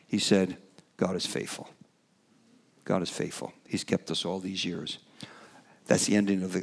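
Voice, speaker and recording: A middle-aged man preaching a sermon, animated, building to emphatic peaks and trailing off with fillers in between. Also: mid-range voice.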